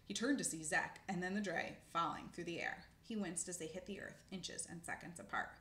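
A woman's voice: on the low side, brisk, bright, forceful tone, reverberant. A woman reading a children's book aloud, casual, with spoken asides and self-corrections. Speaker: narrator.

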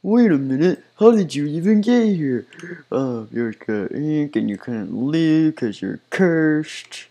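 A man's voice: mid-range voice, expressive, takes it slowly, gravelly, hardly any pauses, darkish tone. A man voicing a bumbling male cartoon studio boss who stammers and gets flustered, in a goofy game machinima.

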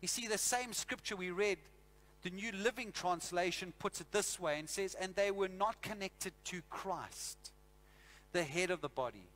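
Bright-voiced South African pastor preaching. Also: male voice, high-pitched, normal speed. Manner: animated storytelling, acts out scenes. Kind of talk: sermon. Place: church.

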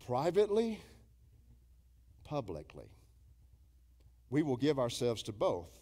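In a church sanctuary, a middle-aged pastor preaches an emphatic, storytelling sermon. His pitch and loudness swing widely as he mimics and quotes imagined congregants.

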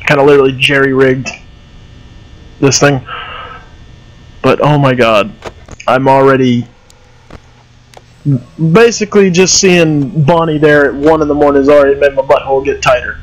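A man's voice: medium pitch, steady tone, moderate pace, pauses often, rough recording. A young man streaming a horror game over a headset mic, swearing and laughing nervously as he panics. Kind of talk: live gameplay commentary.

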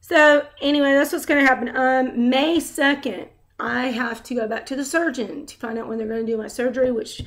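A woman with a fairly high voice and a gravelly, fried edge talks straight into her camera at home. She rambles through her update candidly and trails off into fillers and side remarks. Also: steady tone, a little fast, few pauses, a bit bright. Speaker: vlogger. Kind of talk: casual personal video update.

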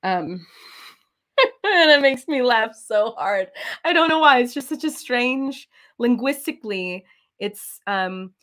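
An American woman in her thirties chats casually while stitching, her talk rambling and loose. She drifts from point to point with plenty of "like" and "um", slipping into quick giggles along the way. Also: fairly high pitch, expressive, a bit bright. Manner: rambling and giggly, full of "like" and "um", often trails into quick laughs. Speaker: cross-stitch designer and channel host.

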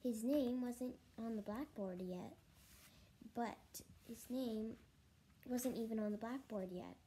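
A woman's voice: fairly high pitch, slow, warm tone, slight background noise, poor audio. A woman reading a children's story aloud, with slips and restarts.

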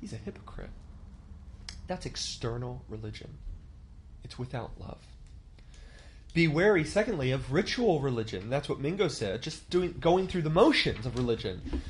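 A man's voice: mid-range voice, sing-song, normal speed, a little hiss or hum. A man in his thirties teaching a church leadership class in a conversational way, asking the class questions and acting out quotes.

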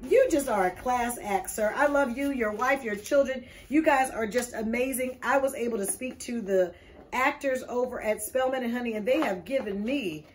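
Woman host, upbeat, playful, laughing easily, voice on the higher side. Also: a little hiss or hum. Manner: exuberant, playful, quick to laugh. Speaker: host opening gifts. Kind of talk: casual chat.

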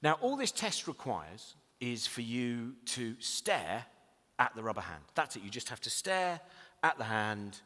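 Bright-voiced guy doing a rambly comedy lecture, big echoey hall. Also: medium pitch, unhurried. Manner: rambling, self-interrupting, animated. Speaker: comedian giving a talk. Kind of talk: comic lecture. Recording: reverberant hall.

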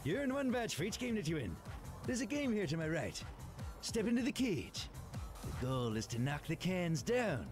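Cheery game attendant, put-on Irish accent, lively pitch, music behind. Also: male voice, normal speed. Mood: upbeat.

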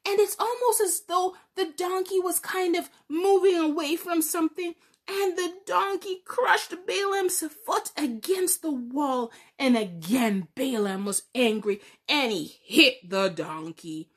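A woman with a bright, high voice hosts a Bible lesson for children. She unhurriedly tells the story, with lively pauses and questions to her young listeners. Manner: animated, asks the children questions.

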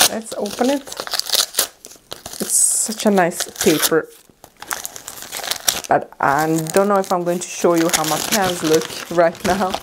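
A woman beauty vlogger unboxing gifts in a casual, excitable and emotional way. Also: on the low side, noisy background. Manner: excitable and emotional, squealing with delight.

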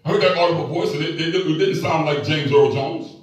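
A middle-aged male pastor, voice a little high and pace a little quick, preaches a sermon. He exchanges call-and-response with his congregation and adds playful asides, recorded at a distance in an echoing room.

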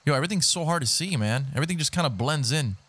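A young man giving excitable, swearing commentary while he plays a video game on a headset mic. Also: on the high side, rapid-fire. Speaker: gaming YouTuber. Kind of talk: live gameplay commentary. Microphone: gaming headset.

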